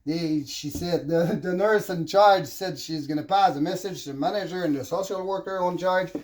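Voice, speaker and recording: A middle-aged man with a French Canadian accent tells a personal story in a loose, rambling monologue. His voice sits a little higher than most men's. He starts over often and fills his pauses with "uh". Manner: rambling, animated, frequent fillers and restarts. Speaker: vlogger telling a personal story.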